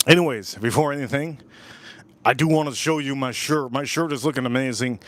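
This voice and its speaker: A man's voice: a little high, a bit bright, dry recording. A man reviewing whiskey in casual live-stream chat, enthusiastic and repeating his phrases.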